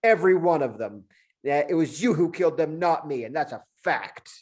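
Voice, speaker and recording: A man voicing a frantic, snappish middle-aged killer holed up in a cabin, speaking loud and raised in a book reading. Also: a little high, lively intonation, moderate pace, voice pushed up. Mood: scornful.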